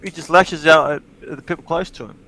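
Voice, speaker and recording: Man, livestream host, slightly high voice, swears a lot, animated storytelling. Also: a little fast, low-quality recording. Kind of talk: casual chat.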